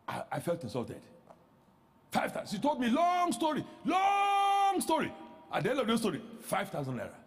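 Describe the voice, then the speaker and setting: A man pastor preaching a sermon, animated, with rhetorical questions that rise into shouts. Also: medium pitch, big-room sound, slight background noise.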